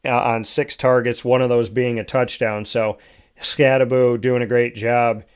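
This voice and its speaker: A man hosting a solo fantasy football talk show, reading off player stats in quick lists and correcting himself as he goes. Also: medium pitch, flat delivery, clean tone. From United States.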